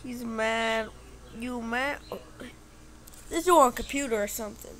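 A woman casually commentating her gameplay, excitably squealing, cheering and talking back at her opponents. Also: a little high, measured pace. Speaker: gamer commentating her play.

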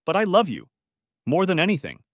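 A man's voice: high voice, wildly swooping pitch, fairly quick, dry recording, clean studio sound, voice pushed up. A man voicing a desperate wife crying out. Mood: desperate pleading. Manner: pleading shouts, raised and strained. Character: distraught young wife pleading with her husband. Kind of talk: audiobook character voice.

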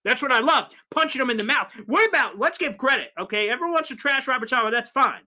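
A man hosting a live sports fan recap, reading viewer comments in an animated, rambling way, his voice strained from yelling. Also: very high-pitched, quick pace. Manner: animated, rambling, mock voices for quoted people. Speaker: sports fan show host.

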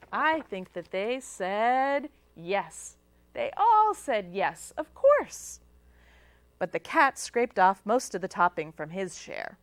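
A woman's voice: mid-range voice, dry recording. A woman reading picture books aloud to children at a library storytime, sing-song and asking them questions. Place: public library. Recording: local cable TV taping.

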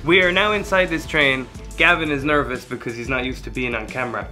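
A young man filming a casual travel vlog, excitable and swearing freely. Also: mid-range voice, fairly quick, soft background music. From Ireland. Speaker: vlogger. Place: outdoors and inside an abandoned train.

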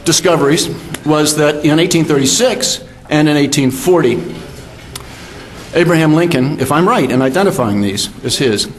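An older man, a history professor, giving a measured academic lecture with fillers and self-corrections. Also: fairly high pitch, slight background noise. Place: symposium hall.

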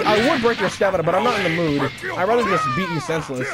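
A young man narrates his online matches with cocky, taunting trash talk, jeering at his opponent and bragging about his own play. His voice sits fairly high for a man. Clear game music runs behind him. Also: lively intonation, fast talker, raised voice. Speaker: gaming channel host. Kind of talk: live gameplay commentary.

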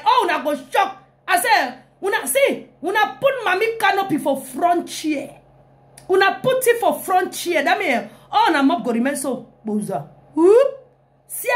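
A young woman, hyping her comic live video in an animated way with frequent exclamations. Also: high-pitched. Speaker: live-stream comedian.

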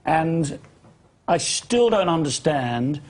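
A male interviewer with a husky, slightly high voice. He keeps pressing the same question. He apologizes for it, but he does not let up. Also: sing-song, takes it slowly.

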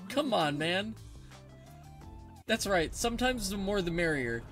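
A male streamer riffs over his gameplay in a casual, joking way. His voice is bright and very lively, with light game music underneath. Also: sits high, measured pace. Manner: joking, crude, excitable.

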